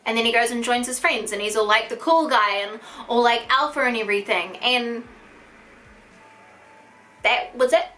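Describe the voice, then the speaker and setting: A woman of twenty-five with a New Zealand accent, speaking in a bright, crisp tone with a slightly high pitch. She tells a personal story to camera in a frank, conversational way, peppered with "like.". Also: moderate pace, long pauses, a little hiss or hum. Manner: frank and chatty, heavy use of "like". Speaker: vlogger. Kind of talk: candid storytime monologue.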